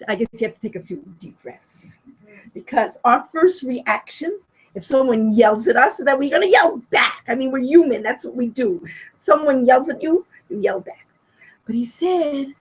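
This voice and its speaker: A woman in her sixties with a notably high voice speaks at a memorial gathering. She tells stories in a heartfelt way, emotional and prone to repeating phrases. Her volume swings from quiet to loud. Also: husky. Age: 60s. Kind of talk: heartfelt storytelling talk.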